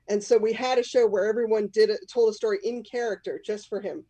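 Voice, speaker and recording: A woman's voice: mid-range voice, fairly even intonation, fast, hardly any pauses, dark tone, dry recording. A woman comic hosting a live storytelling show, telling a self-mocking story in a casual, rambling way. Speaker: comic and host.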